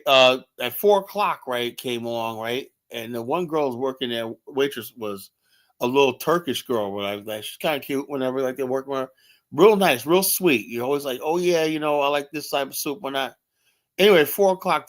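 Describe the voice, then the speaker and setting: A man hosting an online talk show, ranting in casual commentary and acting out the lines he quotes in his stories. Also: medium pitch. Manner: animated storytelling, acts out quoted lines. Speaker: podcast host.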